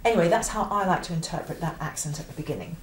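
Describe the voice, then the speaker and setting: A woman teaching the oboe, talking through a piece with clear, emphatic explanations and the odd sung phrase. Her voice carries in a roomy space with a faint hiss behind it. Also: lowish voice, rapid-fire. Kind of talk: instructional explanation.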